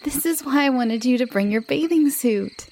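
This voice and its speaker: A woman's voice: sits high, moderate pace, slight background noise, pitched above the performer's own voice. A woman voicing a spirited, teasing young girl in a read-aloud children's story. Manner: teasing, excitable.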